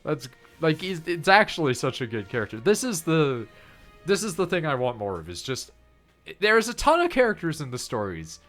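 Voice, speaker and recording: A man's voice: fairly high pitch, moderate pace, soft background music. Chatty male game streamer. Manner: animated, laughing, mimics characters. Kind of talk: casual gameplay chat.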